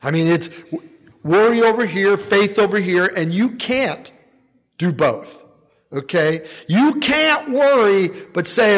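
A man giving a conversational sermon, animated, with frequent rhetorical asides and "right?". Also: high voice, takes it slowly. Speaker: preacher. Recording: dull sound with long hall reverb.

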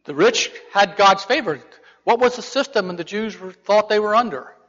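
A man's voice: sits high, lively intonation, moderate pace, a bit bright. A man teaching a Bible lesson in a conversational way, putting rhetorical questions to his listeners. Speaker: preacher. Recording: dull reverberant hall recording.

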